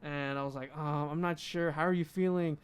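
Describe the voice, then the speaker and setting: A man's voice: fairly high pitch, fairly quick, clean tone. Laughing young man telling a story. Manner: animated, laughing storyteller acting out quotes. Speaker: podcast co-host. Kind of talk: casual storytelling chat.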